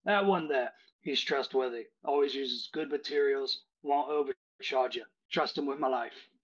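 A blunt, streetwise old innkeeper, as a man puts him on in a tabletop game. The voice is husky and a little rough. The sound is dull and lo-fi. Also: mid-range voice, normal speed, lightly acted. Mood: gruff. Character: gruff old male innkeeper.

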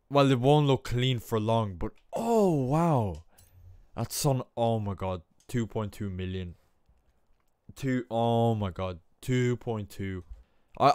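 Excitable young man narrating his gameplay. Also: fairly low pitch, clean tone, dry recording, clean studio sound. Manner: excitable, self-mocking, exclaims often. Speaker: gaming YouTuber. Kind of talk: casual gameplay commentary.

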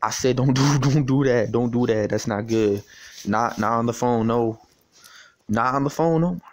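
A man's voice: medium pitch, moderate pace. Young man, taunting, stammers and swears. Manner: taunting and profane, with many stammered repeats. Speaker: vlogger. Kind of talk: casual phone conversation.

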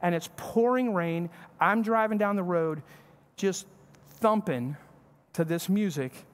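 A male pastor with a high-sitting voice speaks slowly through his sermon in a church sanctuary. His manner is conversational, and he performs little bits of family dialogue while the hall's reverb colors the sound.

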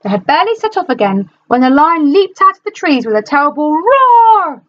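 A woman teacher reading a storybook aloud to her class in an animated, expressive manner. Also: high voice, fairly quick, dull audio.

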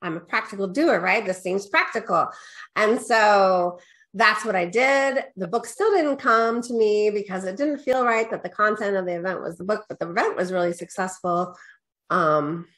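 Speaking at a normal speed, a lively middle-aged business coach tells her story as a guest in a casual interview. She quotes herself with a lifting pitch and keeps dropping in "right?" and "da, da, da."

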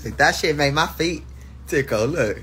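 A woman hosting a casual live stream, chatting with viewers. She laughs often, swears freely and teases in a loud, playful way. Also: low voice, lively intonation, normal speed, a little hiss or hum.

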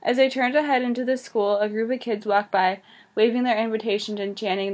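A woman reading a children's novel aloud in a plain, steady voice. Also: on the high side, moderate pace. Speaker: audiobook reader. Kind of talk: storybook read-aloud.

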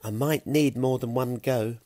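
A man voicing a modest, nervous young girl archer who speaks hesitantly and softly. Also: medium pitch, steady tone, a little slow, no room sound, voice pushed up, lightly acted. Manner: hesitant, soft-spoken.

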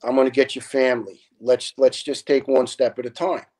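A man's voice: mid-range voice, steady tone, brisk, mellow, rough recording. Earnest middle-aged man telling stories. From New York. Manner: earnest storyteller, quotes people in their own voices. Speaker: retired fire lieutenant, podcast guest. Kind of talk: storytelling in a casual interview.

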